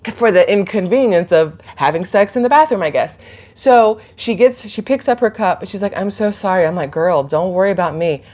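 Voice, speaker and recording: A woman's voice: mid-range voice, normal speed. A woman, telling a story casually to her phone and acting out the people in it with lots of energy. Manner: animated, chatty, laughs and gasps while retelling. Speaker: vlogger.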